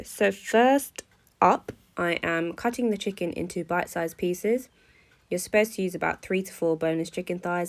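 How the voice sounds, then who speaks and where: A young woman, chatting through a cooking vlog in a playful, self-mocking way. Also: mid-range voice. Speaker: vlogger.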